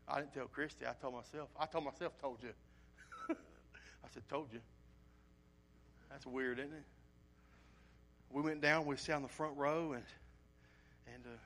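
A man's voice: medium pitch, a little hiss or hum. A man preaching a sermon, telling a personal story in an earnest, emotional way and acting out his own asides. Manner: animated storytelling with acted-out asides.

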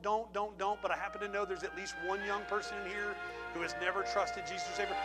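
A middle-aged man preaching a sermon, telling stories with emphasis and repeating phrases before an altar call. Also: high voice. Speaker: pastor.

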